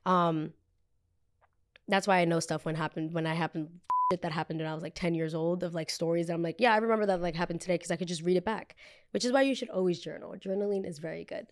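A woman's voice: fairly low pitch, fast talker. A woman in her twenties hosting a podcast, telling a story casually and acting out what others said in raised voices. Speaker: podcast host.

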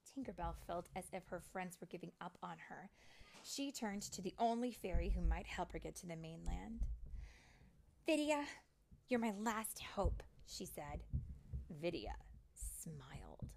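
A mother reading a picture book aloud to her child, slow and expressive, often sinking to a whisper. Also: fairly low pitch, creaky, a little hiss or hum.

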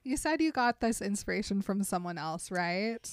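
Brief: woman playing an intense teenage vampire boy, quick and half-joking, dry close sound. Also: mid-range voice, expressive, dry recording, close to an everyday voice. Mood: teasing.

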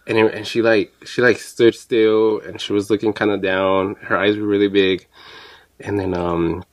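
A young man from New Mexico, co-hosting a podcast and telling a personal story in a relaxed, chatty way, slipping into Spanish now and then. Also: fairly low pitch, moderate pace. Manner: relaxed, slips into Spanish, laughs often. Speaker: podcast co-host. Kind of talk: casual chat, personal storytelling.

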